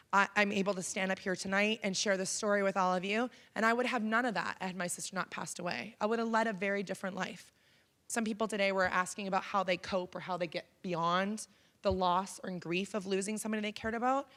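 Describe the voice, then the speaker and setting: With a medium pitch and fairly bright tone, a Canadian woman in her thirties addresses a college auditorium as keynote speaker. Her talk is a personal story, delivered frankly and conversationally with lots of ums.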